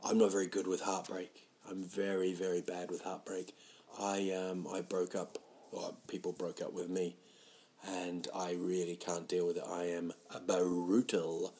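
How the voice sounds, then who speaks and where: Guy rambling on his own podcast, kinda low voice, jokey and all over the place. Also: completely flat delivery, unhurried. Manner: meandering, self-mocking, jumps between silly tangents and sudden loud bursts. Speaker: podcast host. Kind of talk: rambling solo comedy chat. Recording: home podcast mic, uneven sound.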